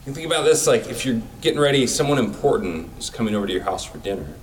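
A man's voice: mid-range voice, sing-song, fast talker, recorded from a distance, a little hiss or hum, low-quality recording. A man giving a sermon in a casual, conversational way, using everyday comparisons. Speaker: preacher.

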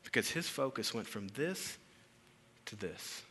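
A man preaching a conversational sermon as pastor, rising to loud emphasis and dropping to hushed lows. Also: expressive, a little slow, slight background noise. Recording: hall reverb with faint room ambience.

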